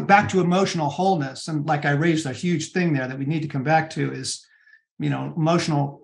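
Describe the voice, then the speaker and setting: Middle-aged man, gravelly slightly high voice, earnest interview guest, halting restarts. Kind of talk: conversational interview on spiritual practice.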